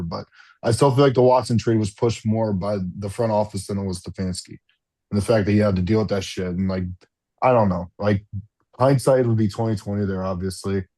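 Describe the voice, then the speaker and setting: A man's voice: lowish voice, dark tone, no echo. A man co-hosting a casual sports chat over a remote video call, rambling with lots of fillers, restarts and some swearing. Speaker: podcast co-host and football fan.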